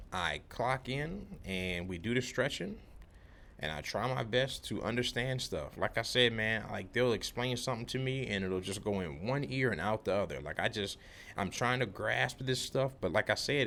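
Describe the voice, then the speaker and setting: A young electrical apprentice vlogs a rambling, casual story about his work day, laid-back and slangy, full of fillers and restarts. His voice is lowish, animated and creaky with a fairly bright tone at normal speed, over a little hiss or hum.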